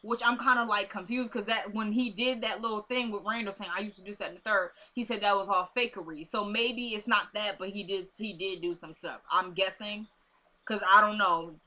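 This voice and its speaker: A young woman chats her way through a TV episode recap, her voice bright and punchy. She talks like a storyteller, slipping into the characters' lines as she goes. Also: medium pitch, steady tone, fairly quick. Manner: chatty storyteller who acts out the characters' lines. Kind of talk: casual recap chat.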